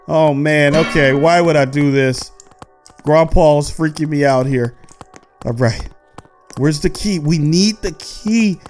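A man giving excited gameplay commentary as host, talking to his viewers and yelping and shouting when something chases him. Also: fairly high pitch, a little slow, soft background music. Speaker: gaming host.

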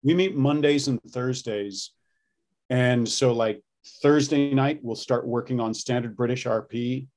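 A man's voice: medium pitch, fairly even intonation, measured pace, a little mellow. A man who coaches voice and accents, explaining his work in a casual interview, with lots of ums and restarts as he goes.

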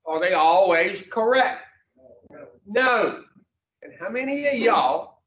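Slow and blunt, a man with a high-pitched, fairly bright voice preaches a motivational message to a group. He's folksy and profane, putting questions to the small audience in the room. The recording is roomy, distant, and dull.

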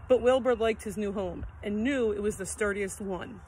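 A woman tells a children's story in a gentle, expressive read-aloud manner, at a middling pitch. Faint outdoor noise hums behind her. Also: moderate pace, rough recording.

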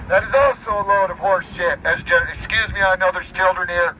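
A man speaking at an outdoor street protest, his voice pitched high and sharp with tension. He reads out official rules and knocks each one down in a blunt, indignant tone. Faint street noise sits behind him. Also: fairly even intonation, a little fast, dull audio. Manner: indignant, reads rules aloud then rebuts them bluntly. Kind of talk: impassioned protest speech.

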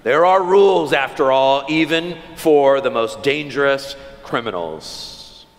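A pastor in his thirties preaches a sermon into the church sound system mic, telling stories and acting out his children's voices. His medium-pitched voice is animated yet slow. The large sanctuary gives a long reverb.

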